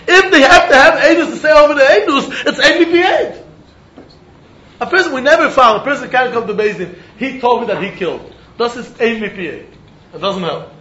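A man teaching a Talmud lesson, animated, often repeating words as he thinks and breaking into laughs. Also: very high voice. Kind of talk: Talmud study lecture. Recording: roomy, muffled recording with faint background noise.

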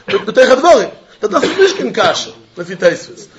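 A high-pitched man gives a Talmud lecture, arguing the text in an animated, probing way. He drills his listeners with pointed questions. The recording sounds dull and lo-fi. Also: brisk. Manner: animated, argumentative, mixing Yiddish and Hebrew terms into English; asks students pointed questions. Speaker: Talmud teacher.

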